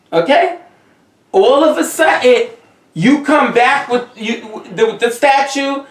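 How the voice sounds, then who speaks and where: A Haitian-accented man gives casual spiritual advice as a vodou priest. He tells his stories with animated emphasis and drops his voice low to stress a point. He sits well back from the microphone, and the room adds a noticeable echo. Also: takes it slowly. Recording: roomy sound, distant from the mic.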